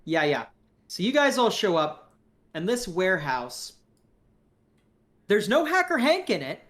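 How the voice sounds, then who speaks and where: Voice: mid-range voice, very animated, unhurried, a bit bright. A game master casually narrating a tabletop game, hesitant and full of fillers.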